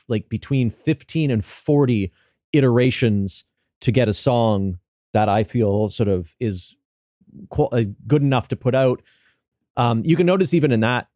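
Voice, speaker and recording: A man's voice: mid-range voice, darkish tone, no echo, studio quality. A middle-aged man giving a casual, rambling update monologue with many restarts.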